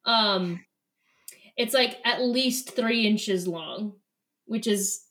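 A woman's voice: medium pitch, very slow, fairly bright tone. A woman co-hosting a casual podcast, retelling a book's chapter with playful quoted lines. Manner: retells scenes with playful put-on character lines. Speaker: podcast co-host. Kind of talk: casual book recap chat.

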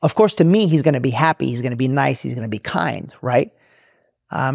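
Male podcast host, motivational storyteller, gravelly tone, dry close sound. Emphatic and repetitive. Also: mid-range voice, lively intonation, a little fast, a little mellow, no echo. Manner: emphatic and preachy, repeats phrases.

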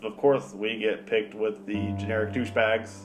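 A man's voice: fairly low pitch, level tone, moderate pace, faint music behind. A man chatting casually and profanely on a podcast, recapping a movie and acting out the characters' lines with laughter. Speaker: podcast co-host. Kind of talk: casual movie review chat.

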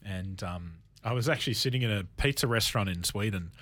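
A man hosting a wine talk show on radio, telling animated anecdotes in casual chat. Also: lowish voice, fast. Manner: animated storyteller, lively anecdotes with laughs. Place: radio studio.

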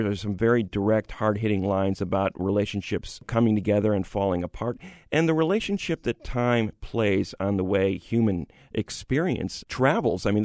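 A male music critic co-hosting a radio show, speaking in a measured, reflective manner. His voice sits somewhat low. The studio sound is dry and close. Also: darkish tone, dry recording. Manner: measured and reflective, building his case step by step. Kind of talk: opinionated review talk. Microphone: close studio mic.

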